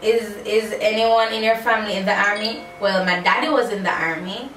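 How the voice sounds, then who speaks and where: A sassy, playful Jamaican woman in her thirties, chatting through a question tag at a middle pitch. She is recorded on a phone from a bit of a distance in an echoey room. A faint wash of ambient noise sits behind her. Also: a little fast, a bit bright, faint music behind. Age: 30s. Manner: sassy, playful, breaks into little sung bits. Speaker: YouTuber. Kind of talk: casual Q&A tag video. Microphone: phone camera.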